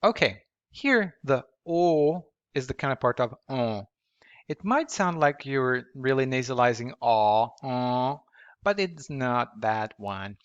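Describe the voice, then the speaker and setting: Guy teaching pronunciation, takes it slow, dull dry lo-fi sound. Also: medium pitch, lively intonation, a bit bright, clear, resonant tone, no room sound. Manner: demonstrates sounds slowly, with light self-deprecating laughs. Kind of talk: slow, patient pronunciation lesson.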